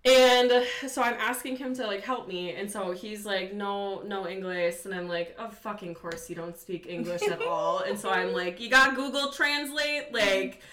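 A young woman tells a wild story with lots of energy and plenty of swearing, her words packed with "like". Her voice is bright and clear. The room around her has a noticeable echo. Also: medium pitch. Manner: animated, profane, many "like" fillers. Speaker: podcast guest. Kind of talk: casual storytelling chat.

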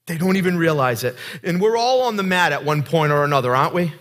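A man's voice: fairly high pitch, lively intonation, quick pace, a bit bright. A man preaching a sermon as pastor, earnest and conversational, putting direct questions to the congregation.

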